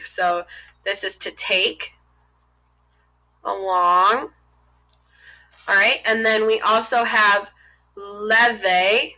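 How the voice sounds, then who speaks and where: A woman's voice: medium pitch, sharp tone, rough recording. A young adult woman, a French teacher, explaining verb conjugations in a chatty, informal way while writing on a board. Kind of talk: casual classroom explanation.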